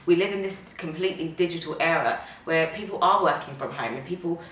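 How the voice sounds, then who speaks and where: A woman's voice: fairly low pitch, fast, a bit bright. A woman, a company founder as guest, talking enthusiastically in a casual chat and agreeing often. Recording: roomy sound from some distance.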